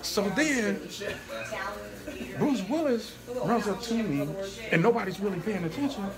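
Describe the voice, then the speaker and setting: Animated male comedian telling a story. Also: high voice, measured pace, music in the background. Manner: lively, acts out quoted voices, laughs often. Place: comedy venue after a show. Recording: busy crowd noise behind.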